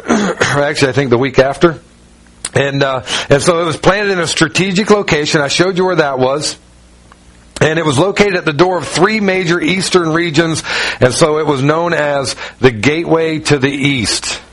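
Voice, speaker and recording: A man with a Southern US accent, from Ohio, preaching in a relaxed, folksy, self-mocking way with many fillers. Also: on the high side, normal speed. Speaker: pastor. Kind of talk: conversational sermon.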